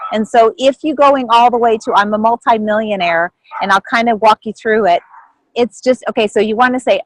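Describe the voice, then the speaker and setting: A woman telling a personal story on a video call, lively and animated, acting out what others said with big jumps in pitch. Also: no room sound, low-quality recording. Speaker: group member sharing a story.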